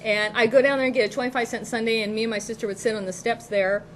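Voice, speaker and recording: A woman's voice: fairly high pitch, steady tone, fast talker, slight background noise, low-quality recording. Chatty middle-aged woman telling stories. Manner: rambling, chatty, laughs often while telling stories. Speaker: co-host. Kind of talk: casual chat, personal storytelling. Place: local TV studio.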